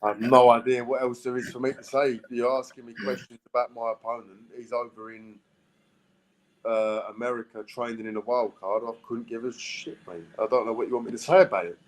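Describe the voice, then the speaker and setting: A man, a boxer talking plainly in a casual interview, blunt and halting, with restarts. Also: medium pitch, level tone, rough recording. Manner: plain-spoken, few words, halting restarts.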